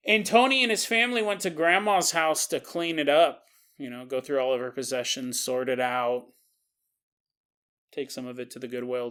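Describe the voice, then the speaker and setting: A man's voice: mid-range voice, fairly bright tone, clean tone. A man hosting a podcast, retelling a story casually with joking asides and chuckling tangents. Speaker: podcast host.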